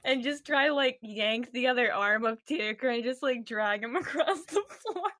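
A woman playing a tabletop game, giggly and animated as she describes her character's actions. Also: fairly high pitch, moderate pace. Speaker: player. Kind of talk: casual tabletop role-play.

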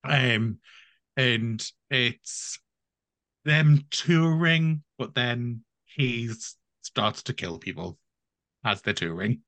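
A man's voice: medium pitch, very slow, a bit bright, no echo. A man from the United Kingdom co-hosting a podcast, chatting casually and rambling with many fillers and restarts. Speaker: podcast co-host.

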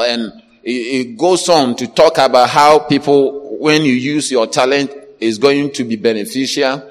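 A man's voice: medium pitch, a little slow. A man preaching a sermon who halts and repeats words and checks that his listeners follow. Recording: long hall reverb.

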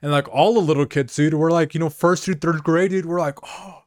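A man's voice: fairly high pitch, fairly even intonation, a little fast, no echo, studio quality. A man from Mexico co-hosting a podcast, telling a rambling comic story and dropping "dude" and "you know" constantly. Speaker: podcast co-host. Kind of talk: casual comedic storytelling.

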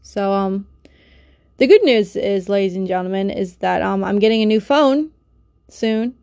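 A woman's voice: mid-range voice, unhurried, vocal fry, a little mellow, no room sound, clean studio sound. A young woman with a cold and a stuffy nose, ranting emotionally in a personal vlog, swearing and rambling with many fillers and restarts, recorded on a phone or built-in mic. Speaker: vlogger.

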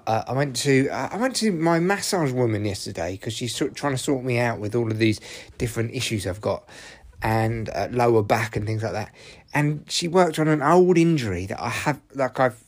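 A man hosting a solo podcast, ranting and swearing freely with frequent restarts. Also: medium pitch. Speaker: podcast host.

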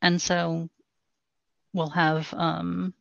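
A woman voice coach calmly explaining voice training in a podcast interview, in a measured, instructive way. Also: on the low side, creaky, no echo, lo-fi sound.

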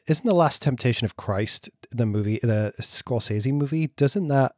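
A man's voice: medium pitch, normal speed, dry recording, studio quality. A man co-hosting a podcast in casual chat, teasing and joking with the others. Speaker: podcast co-host.

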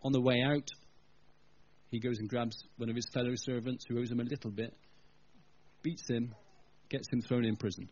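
Husky man preaching a sermon. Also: mid-range voice, steady tone, moderate pace, darkish tone. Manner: conversational, storytelling, addresses the congregation directly. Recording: dull lo-fi recording.

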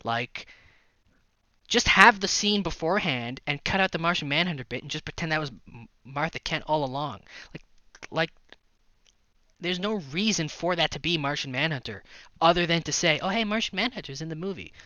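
A man's voice: on the high side, expressive, moderate pace, sharp tone, no echo, highs cut off. A man co-hosting a casual movie review podcast, ranting in an exasperated, profane way. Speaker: podcast co-host.

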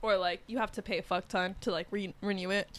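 A woman's voice: mid-range voice, steady tone, fast talker, a little hiss or hum. A young woman co-hosting a podcast, chatting casually and animatedly with friends, swearing and laughing. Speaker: podcast co-host. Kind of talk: casual chat.

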